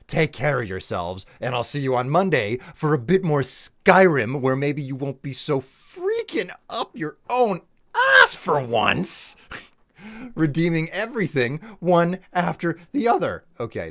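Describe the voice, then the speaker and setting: A man streaming a game live, exasperated and swearing, teasing his chat. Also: medium pitch.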